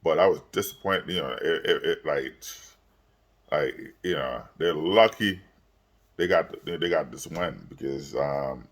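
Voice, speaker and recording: A man's voice: very deep voice, a little slow. A tired young man, yawning late at night, rambling through a casual sports recap with lots of fillers and repeated words. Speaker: sports vlogger. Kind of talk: casual sports commentary vlog.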